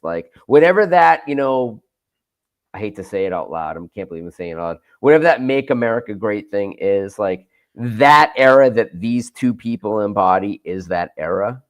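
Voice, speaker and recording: A man's voice: fairly low pitch, lively intonation, moderate pace. A man in casual chat, rambling and searching for his words as he makes a point. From Boston area.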